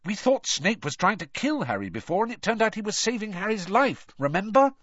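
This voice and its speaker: A man with a husky voice voicing a clever, bossy teenage schoolgirl who speaks insistently, on a dull lo-fi recording. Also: high voice, big pitch swings, a little fast, a bit bright, no room sound, voice pushed up, full character voice. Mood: skeptical. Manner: indignant, insistent. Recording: dull lo-fi audio.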